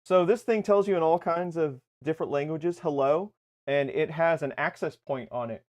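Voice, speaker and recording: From a home basement, a man co-hosts a laid-back tech livestream, rambling and correcting himself while walking through things step by step. His voice is fairly high-pitched and his pace moderate.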